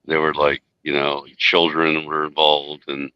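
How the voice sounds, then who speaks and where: A man's voice: very deep voice, monotone, unhurried, clear, resonant tone, muffled recording. A man telling rambling stories in a casual podcast chat, full of "dude" and "like". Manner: rambling storyteller, says "dude" and "like" a lot.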